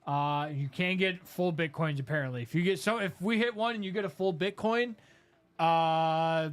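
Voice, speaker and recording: A man with a slightly high voice and fairly flat intonation hosts a live card-break stream at a moderate pace, with faint music in the background. His casual commentary rambles through a list of items, packed with fillers.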